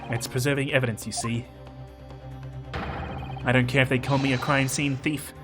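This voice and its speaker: A man's voice: medium pitch, little pitch movement, normal speed, over music, close to an everyday voice. A man reading as a boastful police inspector. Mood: proud.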